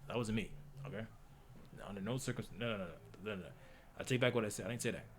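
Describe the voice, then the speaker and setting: Streamer, male, lowish voice, reads aloud and jokes as he reacts, faint hiss on the recording. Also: fast. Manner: joking, stumbles and repeats himself.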